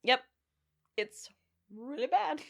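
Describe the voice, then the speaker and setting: A young adult woman, a podcast guest, telling a story in casual chat with lively delivery and frequent swearing. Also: sits high, takes it slowly, creaky. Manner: animated storyteller, swears freely.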